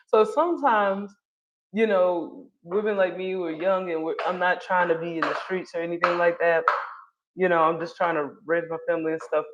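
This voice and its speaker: A woman's voice: lowish voice, lo-fi sound, a little hiss or hum. A woman in her thirties giving casual commentary on a clip, talking in a chatty way with many fillers and frequent laughs. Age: 30s. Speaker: vlogger reacting to a clip.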